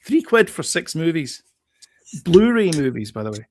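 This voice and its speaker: A man's voice: a little high, big pitch swings, normal speed, a little mellow. A British man co-hosting a casual chat show, laid-back and chatty, often repeating his phrases. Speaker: show co-host.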